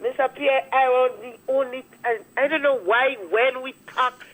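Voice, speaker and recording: A man's voice: very high voice, steady tone, a little slow, fairly bright tone, poor audio. A man with a Grenadian accent phoning in to a radio show, rambling and emotional as he talks. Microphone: telephone call.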